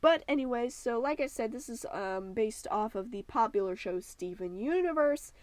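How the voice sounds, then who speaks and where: Woman, channel host, casual voice-over, enthusiastic and gushing, playful put-on accent, fairly high voice, dry close sound. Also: expressive, normal speed, no room sound. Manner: gushing, enthusiastic, rambling with many ums. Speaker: YouTube art channel host.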